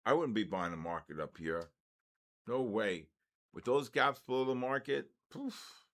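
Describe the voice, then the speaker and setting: An older man hosting a live trading session, giving blunt, excitable market commentary and answering chat questions with quick asides. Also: on the low side. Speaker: trading stream host.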